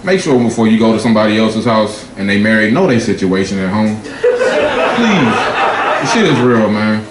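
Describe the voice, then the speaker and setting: A man doing a profane stand-up set, telling loose stories and jumping high in pitch for his punchlines. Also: sing-song, normal speed. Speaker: stand-up comedian. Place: comedy club stage before a laughing audience. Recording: echoey club room with crowd noise.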